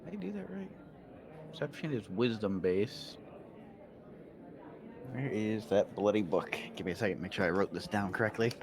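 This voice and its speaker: A man's voice: fairly low pitch, animated, normal speed, long pauses, a crowd in the background. A man playing in a tabletop game, chatty and self-mocking, laughing easily. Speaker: player. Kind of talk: casual chat.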